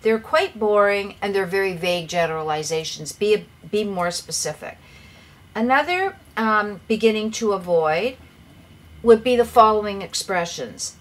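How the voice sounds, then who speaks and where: Woman teacher explaining writing tips, clear and steady, mid pitch. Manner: clear, measured teacher's delivery with direct advice. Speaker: English teacher.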